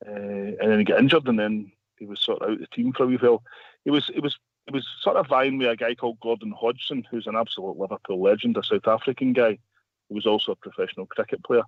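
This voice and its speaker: A man's voice: fairly low pitch, fairly even intonation, quick pace, no echo. A man telling a long story as a radio guest, rambling with many restarts. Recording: phone line.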